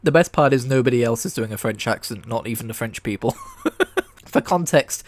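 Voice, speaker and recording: A man's voice: mid-range voice, expressive, a little fast. A man reviewing an old television serial in casual commentary, jokey and self-deprecating, with a habit of swearing. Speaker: video reviewer.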